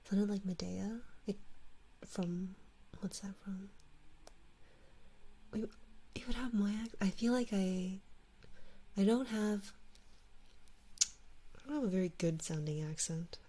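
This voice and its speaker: A woman from Canada with a Canadian accent, softly whispering as she chats with viewers in an ASMR stream. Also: medium pitch. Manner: soft whispering, chatty and drawn-out words.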